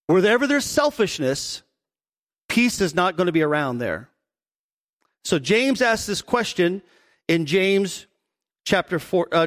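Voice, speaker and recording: Pastor for a sermon: a man, high voice, animated delivery with acted-out asides, long hall reverb. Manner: animated, acts out quoted voices, asks the congregation questions.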